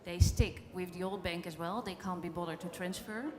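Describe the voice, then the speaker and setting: A woman speaking on a conference panel, measured and plain in how she argues her point. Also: lowish voice, fairly even intonation, darkish tone. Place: conference stage in a large hall. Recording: long hall reverb from a PA.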